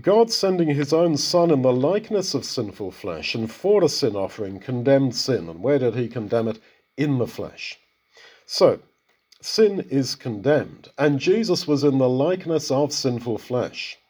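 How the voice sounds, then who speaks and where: A man teaching from Scripture in an easy, conversational way, often turning to put questions to his listeners. His voice is husky and mellow, with a dark, relaxed tone. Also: medium pitch, measured pace. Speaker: Bible teacher. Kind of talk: conversational Bible exposition.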